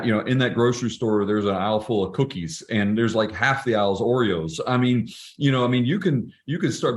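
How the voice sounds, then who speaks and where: A middle-aged man speaking as a podcast guest, telling personal stories in an earnest, reflective way with frequent restarts. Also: on the low side. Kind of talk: casual interview conversation.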